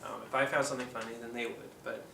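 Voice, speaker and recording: A man from Oregon walks through puppetry tips in a loose, hesitant way, stopping often for ums. He sits back from the mic in a roomy space, with a faint hum behind him. His pitch sits in a middle range. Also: little pitch movement, fast, gravelly, sharp tone. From Oregon, USA. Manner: rambling, hesitant, lots of ums. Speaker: puppeteer, channel host. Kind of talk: casual how-to tutorial. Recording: echoey room, distant mic, faint background hum.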